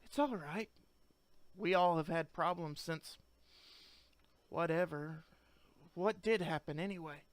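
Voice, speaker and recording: A man voicing a soft-spoken young woman. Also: on the high side, slow, long pauses, no room sound. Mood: tender. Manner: soft and tender.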